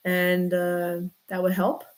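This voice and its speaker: A woman's voice: fairly low pitch, monotone, slow. A woman, a chiropractor chatting casually on a livestream, rambling and greeting viewers by name. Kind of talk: casual livestream chat reading comments.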